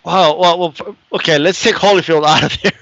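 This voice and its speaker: A man appearing as a guest vlogger in casual chat, relaxed and laughing easily, with lots of fillers. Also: on the high side, fairly quick, gravelly, no echo. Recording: dull dry remote mic.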